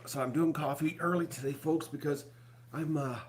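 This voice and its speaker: A man's voice: a little high, steady tone, normal speed, slight background noise. A middle-aged man, chatting casually to viewers at home, rambling and repeating himself. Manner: addresses viewers as folks. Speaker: vlog host.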